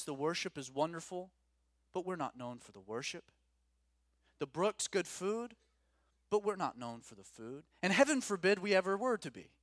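A man preaching a sermon as pastor, rising to loud emphatic peaks and dropping to quiet, low lines. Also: no echo, clean studio sound. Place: church.

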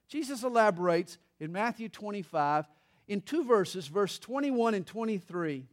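High-voiced man preaching a sermon. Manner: dynamic preaching with dramatic pauses and humor. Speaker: pastor.

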